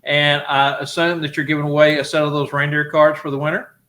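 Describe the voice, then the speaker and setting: A male host of a casual live talk show, bright and crisp in tone. He keeps the chat moving with friendly questions and encouragement. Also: fairly high pitch, level tone, fairly quick.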